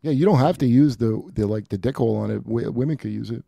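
A man co-hosting a comedy show, talking in mumbling, hesitant, halting bits of banter. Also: medium pitch, creaky, dark tone, dry recording.

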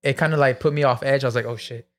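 A man's voice: medium pitch, steady tone, racing. A young man co-hosting a podcast, casually telling a story about his own stand-up set, swearing freely and acting out what he said back then. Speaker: podcast host.

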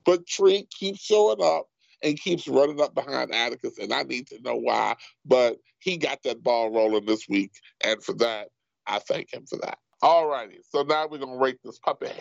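Gravelly-voiced man co-hosting a podcast. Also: mid-range voice, moderate pace, no echo. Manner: leads the segment, wry and emphatic. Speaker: podcast co-host. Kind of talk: casual TV recap chat. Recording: dull lo-fi podcast audio.

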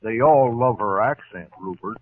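A man's voice: fairly low pitch, normal speed, slight background noise, close to an everyday voice. An actor playing a joking, folksy male dog veterinarian in a 1940s radio comedy. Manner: punning, folksy. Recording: tinny old radio broadcast.

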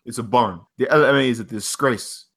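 A man's voice: mid-range voice, fairly quick, a bit bright. A man co-hosting a casual football podcast, opinionated and chatty. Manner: opinionated, names hero and villain of the week. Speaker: podcast co-host.

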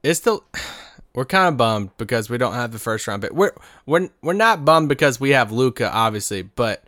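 A man's voice: mid-range voice, very animated, moderate pace, sharp tone, no room sound, studio quality. A man co-hosting a casual sports podcast, easygoing and explaining things at length. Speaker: podcast co-host.

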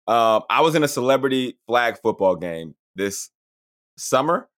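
A man co-hosting a casual podcast, spinning a story with animated, voice-switching quotes. His voice sits in a middle register and moves around a lot as he acts out the other people. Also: mid-range voice, measured pace. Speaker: podcast co-host. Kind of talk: casual chat.

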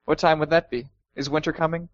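A man's voice: a little high, flat delivery, fast talker, no echo, muffled recording. A man co-hosting a gaming podcast, casual and joking, with many fillers. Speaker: podcast co-host. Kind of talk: casual chat.

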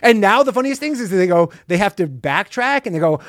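A man co-hosting a podcast in casual chat, profane and animated, acting out quotes in mocking voices. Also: high voice, fairly quick, no room sound, studio quality. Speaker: podcast co-host.

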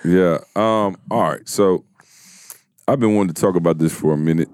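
A man's voice: low-pitched, crowd noise. A man co-hosting a podcast, talking bluntly and emphatically in casual chat. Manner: blunt, emphatic, says it slow. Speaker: podcast co-host.

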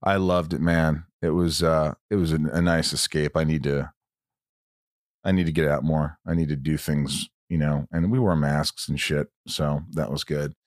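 A man's voice: a bass voice, fairly even intonation, normal speed, dry recording, clean studio sound. A man hosting a podcast in casual chat, rambling and joking about himself. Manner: rambling, with self-deprecating humor. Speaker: podcast host.

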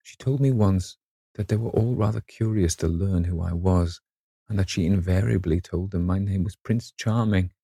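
A man reading the lines of a vain, petulant young gentleman in an audiobook, pleading and imperious by turns. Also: deep voice, creaky, husky, no echo, clean studio sound, full character voice. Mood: wistful. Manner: pleading then imperious, measured delivery.

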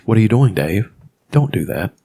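A man imitating a calm male ship computer that speaks in a flat, unchanging monotone. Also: fairly low pitch, moderate pace, vocal fry, husky, no room sound, heavily acted. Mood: menacing.

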